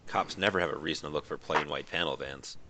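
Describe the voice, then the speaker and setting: A man narrating as game master in a relaxed, wry way, with many fillers. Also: a bass voice, quick pace, a little hiss or hum.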